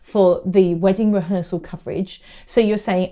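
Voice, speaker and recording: A woman from southern England co-hosts a relaxed business podcast, giving advice as a photography business coach. She speaks at normal speed with few pauses, in a steady, medium-pitched, dark-toned voice, emphatically repeating her key points.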